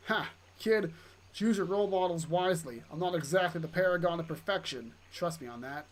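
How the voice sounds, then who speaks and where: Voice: medium pitch, brisk, close to an everyday voice. A player reading aloud for a blunt, sardonic young male mercenary. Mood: gruff. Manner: blunt, teasing.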